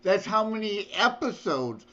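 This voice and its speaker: Slow, high-voiced male co-host, muffled sound. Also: very animated, pushed and bright. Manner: works through numbers aloud, unhurried reasoning. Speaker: podcast co-host. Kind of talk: casual podcast chat. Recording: dull, muffled lo-fi audio.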